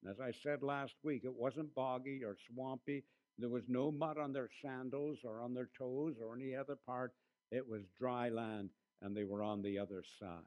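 A man preaching a sermon as a pastor. He slows down to stress key phrases and drops his voice softly for quiet storytelling. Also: mid-range voice, fairly even intonation.

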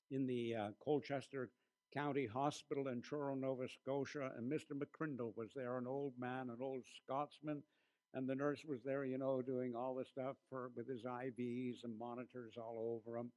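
A man preaching a sermon as a pastor. He slows down to stress key phrases and drops his voice softly for quiet storytelling. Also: medium pitch.

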